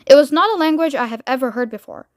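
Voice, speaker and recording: Storybook reading: woman as a jittery, deferential male interpreter, quick and high, dry close sound. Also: expressive, darkish tone, dry recording. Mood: nervous. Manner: hurried, timid. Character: nervous, deferential man interpreter.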